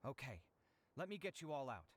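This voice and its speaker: Actor playing a frazzled young game architect, exasperated, self-pitying, sighing, mid pitch. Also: male voice, big pitch swings, fairly quick, a little hiss or hum, close to an everyday voice. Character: young male architect, frazzled, broke and dramatic. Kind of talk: game voice acting.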